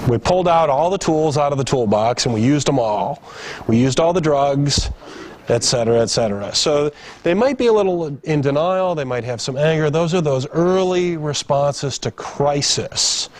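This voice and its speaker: A man's voice: a little high, very animated, moderate pace, darkish tone, a little hiss or hum. A man giving a grief training lecture to emergency staff, talking casually and acting out family members' words with his voice raised. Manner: conversational, acts out family members' lines in raised voice. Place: training room.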